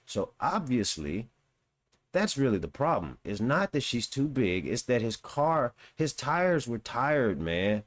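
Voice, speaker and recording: A man's voice: medium pitch, sing-song, unhurried. A man reading a news article aloud and breaking off into blunt, mocking, profane reactions. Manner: blunt, mocking, swears, reads quotes aloud then reacts. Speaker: commentary host.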